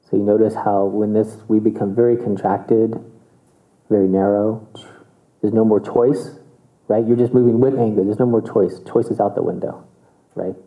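A meditation teacher gives a relaxed dharma talk in a mellow, lowish voice. He's conversational, chuckles, and often checks in with his listeners. The audio sounds tinny, like a phone.

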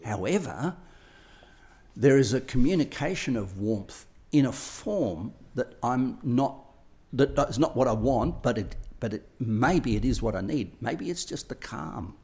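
A man's voice: mid-range voice, expressive, unhurried, a little mellow. A man co-hosting a podcast, talking casually and acting out little everyday scenes with playful voices. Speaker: podcast co-host. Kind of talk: casual conversational chat.

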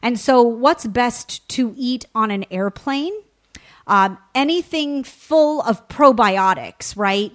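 A woman hosting a radio food show, talking in an effusive, gushing way. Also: a little high.

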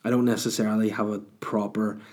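A man rants on his own podcast in a loose, casual monologue. He swears freely and mocks things with exasperation. His voice sits a little low. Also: flat delivery, brisk, a little mellow. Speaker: podcast host.

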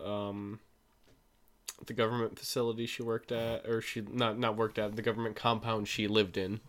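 A man's voice: medium pitch, a bit bright. A man hosting a podcast, casually recapping a movie with lots of fillers and self-corrections. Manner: rambling, filler-heavy storytelling with self-corrections. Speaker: podcast host.

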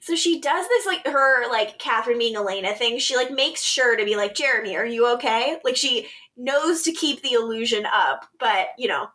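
Animated woman recapping with laughs. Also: fairly high pitch, normal speed, few pauses. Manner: animated, laughs often, acts out quotes. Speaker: podcast co-host. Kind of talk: casual recap chat.

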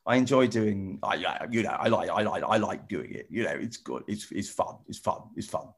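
A man presenter chatting with children in a casual video call, rambling and restarting often, gentle and encouraging. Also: on the low side, expressive, brisk, creaky, slightly rough. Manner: rambling, stop-start, many repeated "you know". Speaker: TV presenter answering children's questions.

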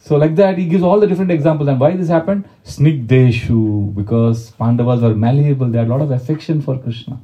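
In a devotional lecture, a male spiritual teacher talks to his listeners like a conversation, asking them questions and reciting Sanskrit verses. His mid-range, dark-toned voice moves a little fast with few pauses, over dull audio.

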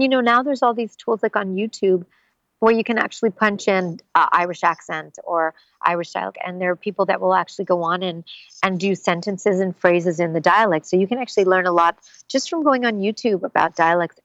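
A woman's voice: on the low side, normal speed, fairly bright tone, dry recording, muffled recording. A woman, an actress and singer, telling stories in a casual interview with lots of fillers. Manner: chatty storytelling, many fillers.

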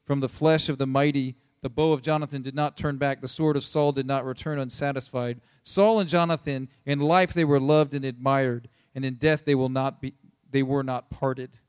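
A young man preaching a casual sermon, retelling the story in slangy, animated speech and jumping into voices for the people he quotes. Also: medium pitch, no echo, clean studio sound.

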